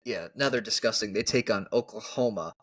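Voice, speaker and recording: A man co-hosting a casual sports podcast, animated and quick to laugh, often talking over his partner. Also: fairly low pitch, slightly rough. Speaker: podcast co-host.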